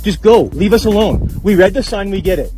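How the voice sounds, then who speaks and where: A man's voice: high voice, fairly quick, music in the background. Exasperated man with a raised voice. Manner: exasperated, repetitive, insistent. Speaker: park visitor in an argument. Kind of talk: heated argument.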